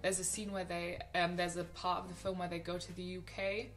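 A woman's voice: fairly low pitch, flat delivery, fairly quick, soft background music. A young woman casually talking about favourite films, chatty and gushing, with frequent ums and restarts. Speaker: film vlogger. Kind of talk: casual film recommendations to camera.

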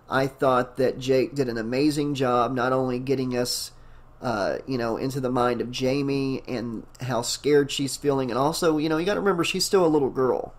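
A man narrating an audiobook and then chatting casually about it, his voice going hoarse, rambling and enthusiastic with lots of fillers. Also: mid-range voice. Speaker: audiobook narrator and channel host.

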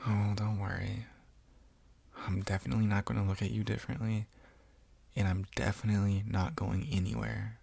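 A man talking softly in a whispered role-play, gentle and reassuring. His low voice is gravelly and husky, and he takes his time with every phrase. The sound is close and dry. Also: level tone, moderate pace, dry recording. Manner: gentle, reassuring, soft-spoken. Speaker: ASMR roleplayer.

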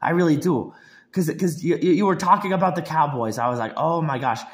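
A man's voice: a little high, animated, a little fast. Rambling, heated young man ranting. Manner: rambling, heated, many restarts; bursts into shouting and laughter. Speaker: sports vlogger. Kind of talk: casual sports rant.

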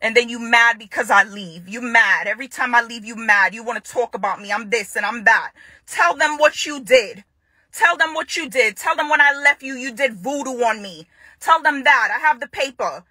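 A woman's voice: fairly high pitch, brisk, pushed and bright, husky, no room sound. A woman vlogging straight to the camera in a confrontational way, repeating her phrases for emphasis, with a Jamaican accent. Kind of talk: direct-to-camera vlog rant.

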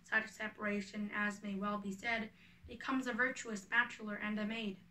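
A woman reading the part of a modest, gentle young woman aloud, in earnest verse, a little away from the microphone. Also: medium pitch, level tone, moderate pace, distant mic, natural voice, poor audio.

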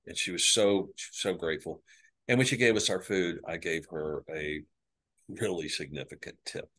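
A man's voice: low-pitched, moderate pace, a bit bright. A male psychologist, a podcast guest, telling personal stories earnestly with lots of filler words. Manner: earnest anecdotal storyteller with frequent fillers. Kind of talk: podcast interview storytelling.

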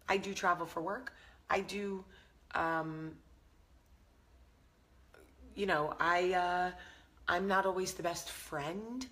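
A woman's voice: on the low side, a bit bright. A woman in her thirties with a New York-area accent, talking candidly to camera as a vlog host. She is blunt and self-mocking and swears freely. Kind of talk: casual chat to camera.

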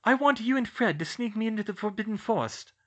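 A man's voice: lively intonation, fast talker, dull audio. A man voicing a clever, earnest young witch in an audiobook. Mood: eager. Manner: raised pitch, bright and urgent.

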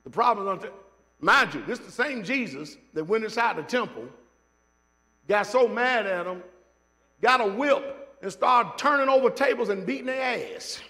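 High-voiced, fired-up preacher. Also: male voice, lively intonation, normal speed, gravelly, bright, forceful tone. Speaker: pastor. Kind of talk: sermon. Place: church sanctuary.

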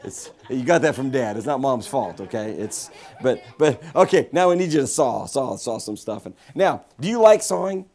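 With a medium-pitched, somewhat mellow voice, the guest preacher speaks animatedly at a moderate pace, barely pausing. His sermon is humorous and playful, full of banter with the congregation and moments where he calls people up to participate.

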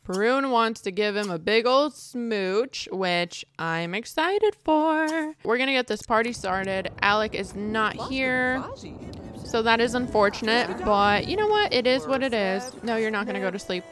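A young woman giving casual let's-play commentary, chatty and excitable, squealing at cute moments. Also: mid-range voice, clear, resonant tone, dry recording. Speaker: gaming video creator.

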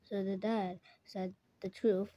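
Slow, rambling woman making up a story. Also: mid-range voice, level tone, warm tone, a little hiss or hum. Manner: rambling, corrects herself mid-sentence. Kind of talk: improvised storytelling.

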